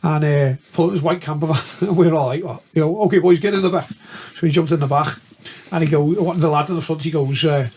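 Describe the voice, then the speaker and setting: Liverpudlian man telling lively stories. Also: on the high side, quick pace, slight background noise. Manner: swearing, storytelling with laughs. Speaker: DJ guest. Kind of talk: casual podcast chat.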